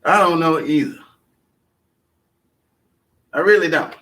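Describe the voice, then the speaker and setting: Breathless male host, raised pitch, heard from a distance; impassioned, profane rant. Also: slow, sharp tone. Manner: impassioned, profane, acts out others' retorts. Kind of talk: casual ranting chat.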